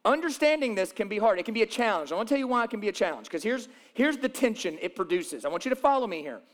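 A man's voice: high-pitched, sing-song, racing. A man preaching a sermon, reading scripture aloud and explaining it with emphatic repetition of key phrases. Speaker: pastor.

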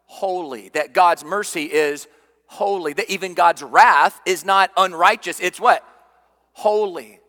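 A man preaching a sermon, swinging from loud emphatic peaks to hushed low passages. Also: unhurried, long reverb tail. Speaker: pastor.

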